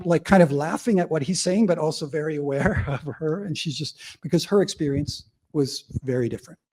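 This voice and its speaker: A man's voice: a little high, mellow, husky. A man giving an informal academic lecture, chatty and often laughing.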